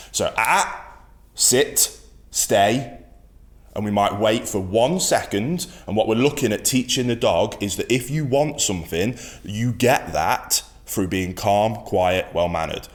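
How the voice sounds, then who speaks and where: A man teaching dog training, speaking in a firm, emphatic way and repeating his key phrases. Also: fairly low pitch. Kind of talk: instructional talk to camera.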